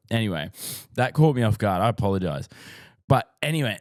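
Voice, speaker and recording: Low-voiced, sweary Australian dad. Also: male voice, sing-song, normal speed, no room sound, clean studio sound. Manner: rambling, sweary, says "like" a lot; openly emotional and heartfelt. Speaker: dad vlogger. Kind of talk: casual talk to camera.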